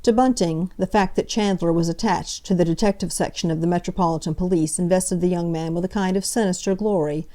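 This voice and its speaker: A woman narrates a classic novel in a measured, even reading. Her voice sits low, with a mellow, dark tone. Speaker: audiobook narrator. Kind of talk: scripted narration.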